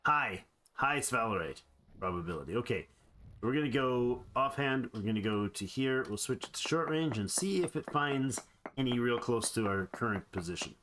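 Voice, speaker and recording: Playful man narrating a game, lively pitch. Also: moderate pace, slight background noise. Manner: playful, rambling, talks to animals in game. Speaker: gamer. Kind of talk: let's play commentary.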